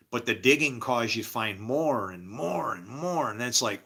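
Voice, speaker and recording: A man at an ordinary middle pitch rambles through a religious monologue. His tone is bright and forceful. He drifts from quiet mumbles into sudden shouts and laughs to himself along the way. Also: animated, fairly quick, hardly any pauses.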